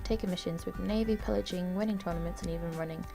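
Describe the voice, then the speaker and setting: A tired woman giving casual, rambling commentary while walking through a game, often unsure and filling pauses. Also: fairly low pitch, fairly even intonation, gravelly, music in the background. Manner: rambling, unsure, lots of fillers. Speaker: gamer.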